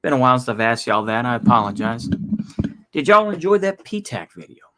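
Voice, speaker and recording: A man in his thirties with a Texan accent, talking casually to his livestream chat in a rambling, halting way with many restarts. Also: mid-range voice, big pitch swings, a bit bright. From Texas.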